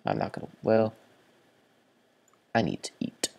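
Congested guy playing a game, slow drawly talk, gasps a lot and mutters to himself. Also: on the low side, vocal fry. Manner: excitable, gasping, muttering to himself. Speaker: gaming channel host. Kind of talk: let's play commentary.

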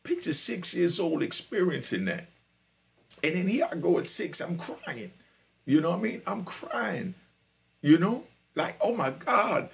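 A man's voice: sits high, big pitch swings, unhurried, gravelly. A man from Jamaica, hosting a live podcast and telling his life story in a street-talk style, often checking that listeners understand. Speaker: podcast host.

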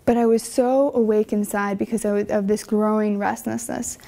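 A woman's voice: medium pitch, flat delivery, normal speed, vocal fry, dark tone. A young woman, a religious sister, telling her vocation story in an earnest, conversational way, full of fillers and emotion. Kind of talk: personal vocation testimony.

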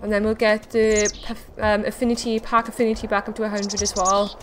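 A woman's voice: medium pitch, little pitch movement, a little fast, slight background noise. A woman chatting to viewers while she plays a game and reacts to what happens on screen. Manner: reacts aloud to on-screen action. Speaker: gaming video host. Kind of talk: casual gameplay commentary.

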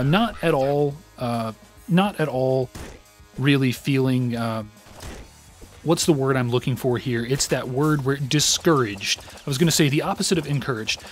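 A man hosting a let's play, commenting on his own gameplay in a rambling, self-deprecating way with lots of fillers. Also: mid-range voice.

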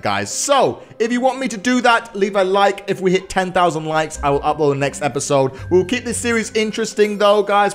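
A man giving casual let's-play commentary over game audio, excitable and laughing often. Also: high voice. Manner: excitable, laughs a lot, talks to viewers as guys. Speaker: gaming YouTuber.

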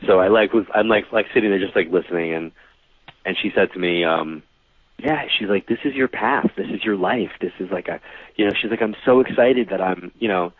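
A man's voice: low-pitched, brisk, no echo. A man in his forties from New York, a psychic medium telling stories as a guest and acting out the dialogue. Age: 40s. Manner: animated storyteller who acts out quoted dialogue. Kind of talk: casual storytelling interview. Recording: dry, tinny phone-like line.

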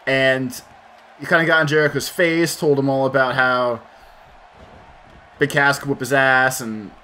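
A man's voice: medium pitch, steady tone, measured pace, sharp tone, slight background noise. A man hosting a let's play, chatting casually and profanely while he plays, thinking aloud as he rambles. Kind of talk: casual commentary while gaming.

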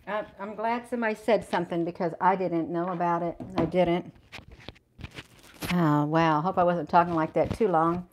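A woman's voice: lowish voice, fairly even intonation, normal speed, a little hiss or hum, rough recording. A middle-aged woman hosting a casual livestream from the woods, chatting with viewers and reading aloud, and she keeps saying "you all". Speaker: livestream host. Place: outdoors in the woods. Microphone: clip-on mic with cord.

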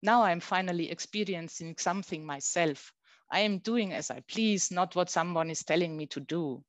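A woman voicing a restless, eager seventeen-year-old girl traveller, speaking brightly and emphatically. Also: on the low side, moderate pace, dry recording, natural voice.

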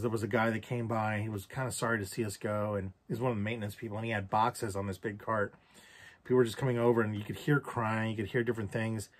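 A man recounting a personal story for a journal vlog, candid and reflective, with casual swearing. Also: fairly low pitch. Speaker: vlogger.

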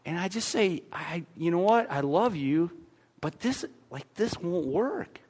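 A man's voice: high-pitched, animated, measured pace, a little mellow, husky. A man pastor with an American accent, preaching a conversational sermon in a church with frequent stammered restarts.

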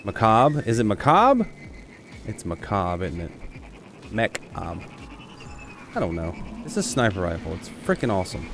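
A man giving casual, rambling, excitable commentary as he streams a video game and talks to his chat. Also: lowish voice, normal speed, vocal fry, long pauses, noisy background.

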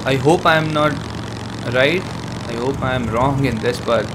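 A man's voice: medium pitch, unhurried, heavy background noise. A man giving casual, chatty gameplay commentary and voicing his worries to his viewers. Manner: chatty, apprehensive. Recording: loud game music behind.

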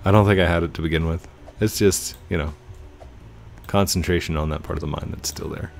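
A man's voice: low-pitched, fairly even intonation, fairly quick, creaky, soft background music. A young man hosting a gaming channel, chatting casually and rambling to his viewers while he plays. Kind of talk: casual gameplay commentary.

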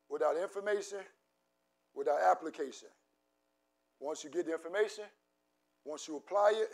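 A man preaching a sermon to a congregation, shouting and exhorting with call-and-response. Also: a little high. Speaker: pastor. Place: church sanctuary. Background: congregation in a church.

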